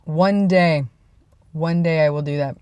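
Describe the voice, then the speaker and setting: Low-voiced rambling young woman vlogger. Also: measured pace, smooth, no room sound. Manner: rambling, self-deprecating, drops to a hush for quoted lines. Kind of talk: casual storytelling vlog.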